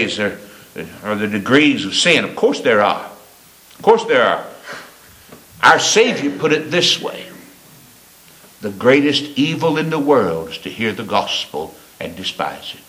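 An older man preaching a sermon in a church, his emphasis swinging from loud rising lines to low quiet asides. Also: reverberant, poor audio. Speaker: pastor. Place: church sanctuary.

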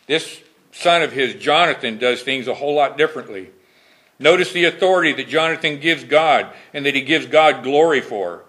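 A man leading a Bible study sermon, his voice bright and forceful and pitched a little above most men's. He reads the old verses in a formal cadence, then drops into easy, conversational commentary. Now and then he puts questions to his listeners. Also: animated, moderate pace. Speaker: preacher.

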